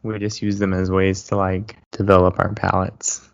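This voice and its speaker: A man co-hosting a podcast with a fairly low voice, knowledgeable and given to dry jokes. The audio is dry and close, with no room sound. It is slightly dull, missing some top end. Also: flat delivery, moderate pace, gravelly, dry recording. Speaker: podcast co-host. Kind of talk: casual chat.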